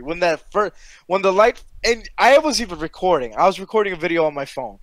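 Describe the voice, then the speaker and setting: A man co-hosting a casual podcast chat, talking in an excited, profane, storytelling way. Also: sits high, a little fast, no room sound. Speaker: podcast co-host.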